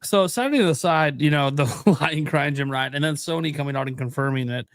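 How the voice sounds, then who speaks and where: A man co-hosting a casual gaming podcast, rambling and restarting as he thinks out loud through sales figures. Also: a little high, brisk, no room sound, clean studio sound. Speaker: podcast co-host.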